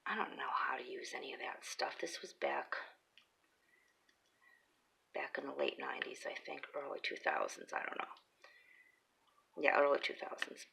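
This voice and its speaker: A middle-aged woman chatting and telling family stories while crafting, laughing often and dropping into breathy whispered asides. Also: rumbling low, very animated, measured pace, pauses often, bright, forceful tone, low-quality recording. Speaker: craft vlogger. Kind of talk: casual storytelling while crafting.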